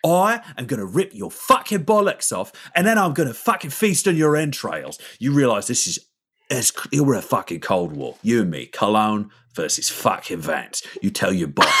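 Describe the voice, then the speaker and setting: A man's voice: medium pitch, bright, forceful tone, breathy edge, voice pushed up, full character voice. A man voicing a furious, foul-mouthed male crime lord who swears and threatens.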